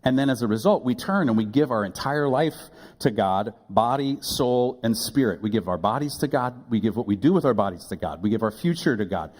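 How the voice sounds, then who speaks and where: A man's voice: medium pitch, animated, a little fast, darkish tone. A male pastor giving a conversational sermon, mixing humor with quoted voices to a church congregation. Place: church sanctuary with live audience. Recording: long hall reverb.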